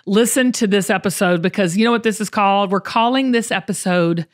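A woman's voice: mid-range voice, fairly quick. A middle-aged woman, hosting a casual podcast in a folksy, emphatic way, often repeating herself. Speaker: podcast host.

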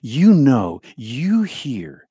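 Slow, soft-spoken man giving a spiritual talk. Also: medium pitch, wildly swooping pitch, slightly rough, no echo, studio quality. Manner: slow, repetitive incantatory phrasing, often dropping to a hush. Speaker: spiritual teacher.

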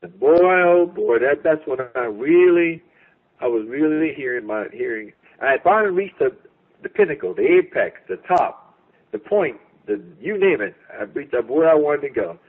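A man's voice: on the high side, moderate pace. A man, a music producer and songwriter, reminiscing in an interview, telling stories with lots of repeats and restarts. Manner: animated storyteller who repeats and restarts phrases. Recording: tinny phone line.

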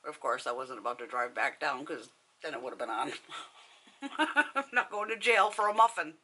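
A woman vlogger in casual storytelling mode, her husky voice very bright and sharp. Her pitch swings widely as she tells a blunt, profane tale. She laughs often between lines. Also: expressive, moderate pace. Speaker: beauty vlogger. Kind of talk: casual storytelling while doing makeup.

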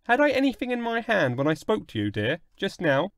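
A man voicing a flustered, excitable Victorian scientist who talks in a fussy, urgent way, for an audiobook. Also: high-pitched, fairly quick, dry recording, studio quality, pitched above the performer's own voice, exaggerated voice. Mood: alarmed.

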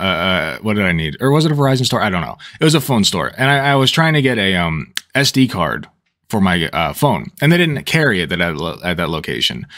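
A man's voice: medium pitch, no echo, clean studio sound. A man giving casual reaction commentary, cursing freely and laughing often as he rambles. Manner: animated, profane, laughs often.

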